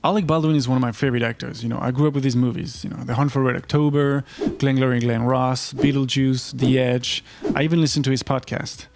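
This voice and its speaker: A man giving vlog commentary in a wry, incredulous way, with quick asides. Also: medium pitch, fairly even intonation, background noise. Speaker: online commentator.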